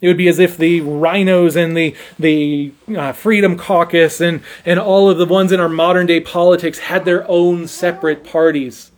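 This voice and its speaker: A man's voice: fairly high pitch, fairly even intonation, moderate pace, hardly any pauses. A man preaching an expository sermon, earnest and emphatic, often repeating his first words as he goes. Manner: earnest, stammering repetitions, emphatic.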